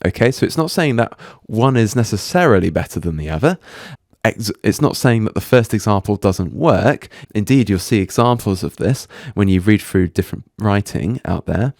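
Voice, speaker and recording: A man teaching a recorded writing lesson over slides, explaining patiently and reading example sentences aloud slowly and deliberately. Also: fairly low pitch, lively intonation, creaky, a little mellow, no room sound, studio quality.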